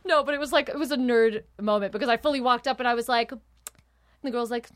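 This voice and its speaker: Woman in her thirties, podcast guest, a touch higher voice, chatty and giggly, dry close sound. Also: fast, dry recording. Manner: chatty, lots of "like", laughs while telling stories. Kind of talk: casual chat.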